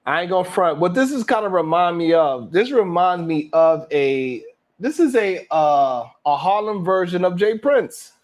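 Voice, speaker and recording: A man's voice: high voice, lively intonation, moderate pace. A man hosting a live stream, giving blunt, slangy, opinionated commentary on a clip. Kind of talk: casual reaction commentary.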